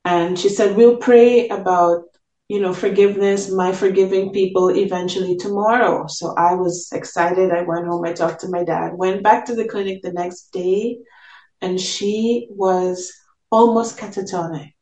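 A woman's voice: medium pitch, fairly even intonation, a little slow, mellow. Woman telling her faith story on a show, earnest, voices the people she quotes, kinda echoey room. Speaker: guest. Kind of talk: personal testimony in an interview.

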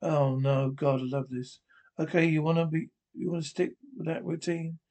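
A man's voice: a little high, fairly even intonation, normal speed, mellow, lightly acted. A man reading the lines of a wry, exasperated male astronaut in a mocking tone, close to his own voice. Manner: sarcastic, mocking.

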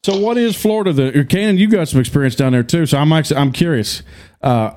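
A man's voice: a little high, fast talker, a little mellow. A man hosting a podcast in casual chat, joking and laughing easily. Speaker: podcast host.

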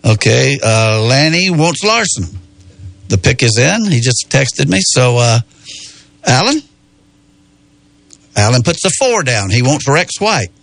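A man hosting a casual racing chat, easygoing and a bit halting as he runs through everyone's picks. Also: mid-range voice, very animated, creaky, a bit bright, no room sound. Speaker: host.

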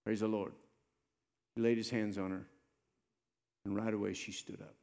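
Animated pastor preaching in a reverberant sanctuary. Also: male voice, normal speed, vocal fry. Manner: animated preaching that swings from loud urgent appeals to low soft tones. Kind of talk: sermon. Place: church sanctuary. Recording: live church sermon with long reverb.

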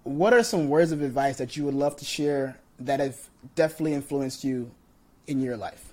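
A man's voice: medium pitch, normal speed, warm tone. A man hosting a podcast, chatting casually with his guest in an emphatic, encouraging way. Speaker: podcast host. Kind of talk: casual interview chat.

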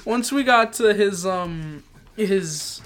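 A man's voice: high voice, slow, slight background noise. A young man, a grandson and co-host, chatting casually with playful reactions and frequent laughter. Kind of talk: casual chat.

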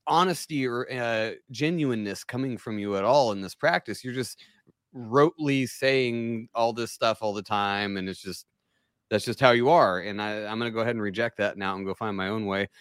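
A man's voice: fairly low pitch, normal speed, fairly bright tone, clean tone, dry recording, clean studio sound. A man co-hosting a podcast in casual chat, blunt and sarcastic, swearing freely. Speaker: podcast co-host.

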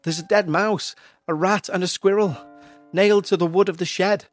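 A man's voice: high-pitched, fairly even intonation, moderate pace, soft background music, pitched above the performer's own voice, close to an everyday voice. A man doing a scared little boy. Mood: frightened. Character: frightened little boy recounting.

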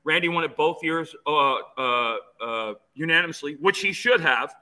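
A man in his fifties from Phoenix, a guest telling stories in an animated way with many restarts. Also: on the high side, moderate pace, low-quality recording. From Phoenix, USA. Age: 50s. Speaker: interview guest, former player. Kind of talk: storytelling in an interview.

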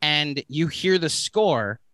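A man chats as a podcast guest, his voice bright and forward. He talks in long, eager run-on sentences. The sound is dry and close. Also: fairly high pitch, expressive, slow, no echo. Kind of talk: casual podcast chat.

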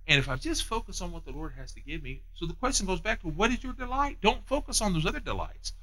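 A man preaching a sermon, emphatic and repetitive, moving between hushed and raised passages. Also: high-pitched, sing-song, fast talker, poor audio.

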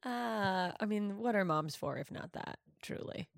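A woman's voice: medium pitch, expressive, unhurried, vocal fry, no echo, studio quality. A woman hosting a casual chat who reacts playfully and laughs often.

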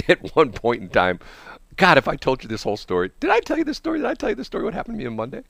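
A man hosting a radio show, telling a story in a casual, animated way, laughing often and acting out what other people said. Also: fairly high pitch, racing, creaky, dry recording.

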